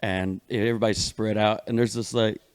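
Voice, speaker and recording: A man's voice: lowish voice, flat delivery, brisk, clean tone, no room sound. Rambling man telling stories. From Alabama. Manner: long rambling profane storytelling. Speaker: guest comedian. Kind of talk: casual podcast chat.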